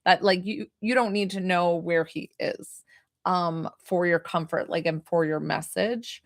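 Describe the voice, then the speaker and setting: A woman's voice: on the low side, steady tone, unhurried, gravelly, no echo, studio quality. A woman working as a psychic medium, giving a live reading in a chatty way full of "like" fillers. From New York.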